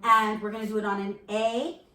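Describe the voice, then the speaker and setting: A woman's voice: mid-range voice, level tone, brisk, loud music behind the voice. Woman vocal coach in an echoey room. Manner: encouraging, demonstrates vocal sounds. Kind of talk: singing lesson instruction. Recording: echoey room, recorded from a distance. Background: faint keyboard.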